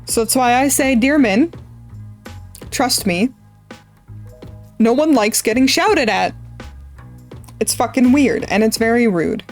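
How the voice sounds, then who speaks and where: Young woman, from the Netherlands, art streamer, rambling, cursing, higher voice, soft music underneath. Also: takes it slowly, long pauses. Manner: rambling, swears freely, lively retelling. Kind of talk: casual storytelling while drawing.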